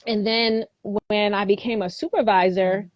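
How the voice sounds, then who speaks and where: A middle-aged woman from Philadelphia with a Philadelphia accent, a guest telling stories in a casual interview, animated and often laughing. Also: medium pitch, unhurried, no echo, dull audio. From Philadelphia, USA. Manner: animated, quotes people in lively voices, laughs often. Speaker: guest educator.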